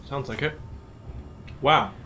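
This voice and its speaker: A male streamer chats loosely while he plays. His voice sits at an ordinary middle pitch, with faint ambient hum behind him. He thinks aloud in halting, offhand bits. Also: bright, forceful tone. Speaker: streamer playing a game. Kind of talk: casual live-stream chat.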